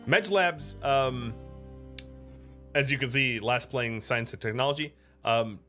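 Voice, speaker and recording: A man's voice: mid-range voice, slow, long pauses, sharp tone, soft background music. An American man from the United States giving casual, chatty commentary while streaming a game, talking to viewers between moves. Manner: chatty, talks to chat and to his pet between game moves.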